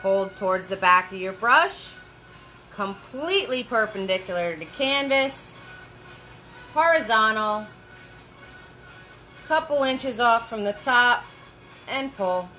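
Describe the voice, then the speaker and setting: A woman hosts a live painting class with a bright, fairly high voice. She walks through each brushstroke slowly and patiently, cheering on her viewers. Soft music plays behind her. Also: animated, low-quality recording. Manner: chatty and encouraging, greets viewers by name; slow step-by-step instructions. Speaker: paint party instructor. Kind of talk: live-streamed painting lesson.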